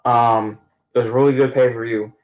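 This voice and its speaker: A man's voice: mid-range voice, fairly even intonation, a little fast. Male fan vlogger, mid-range voice, loose slangy recap with lots of restarts; roomy echo. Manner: rambling, slangy, many restarts. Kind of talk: casual event recap. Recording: echoey room.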